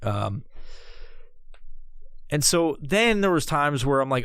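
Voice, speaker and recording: A man's voice: mid-range voice, expressive, measured pace, pauses often, clear, resonant tone, no room sound. Profane rambling man, dry close sound. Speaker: podcast host. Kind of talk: casual comedic storytelling.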